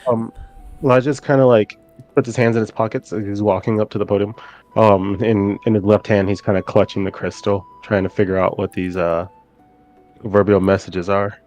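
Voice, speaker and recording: A man's voice: lowish voice, flat delivery, brisk, a little mellow, soft background music. A man who is a player in a tabletop role-playing game, casually describing his character's actions.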